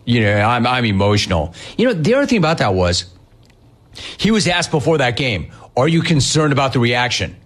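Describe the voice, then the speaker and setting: A man's voice: mid-range voice, sing-song, brisk. A man hosting a sports talk show, ranting in a sarcastic, mocking, incredulous way. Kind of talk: opinionated sports rant.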